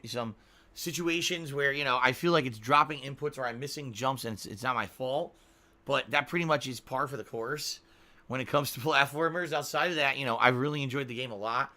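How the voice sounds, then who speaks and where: A live streamer from Connecticut, with the accent to match, chats casually as he reads viewer donations and jokes about his own pronunciation. His medium-pitched voice is bright and forceful. He's playful, laughs often, and draws words out in mock fashion.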